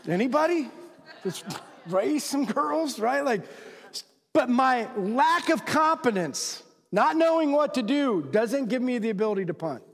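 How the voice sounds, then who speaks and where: A man's voice: animated, unhurried, gravelly. A man preaching a sermon to men, casual and conversational, throwing rhetorical questions to the crowd and acting out quoted voices. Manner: acts out quoted voices with big pitch swings. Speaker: pastor. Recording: long hall reverb.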